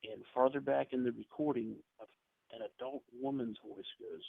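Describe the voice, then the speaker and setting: A man telling rambling ghost-hunting anecdotes as a podcast guest, with quick asides. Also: medium pitch, fairly even intonation, gravelly, husky, no echo. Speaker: podcast guest, paranormal investigator. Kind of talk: casual storytelling interview. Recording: tinny phone-like line.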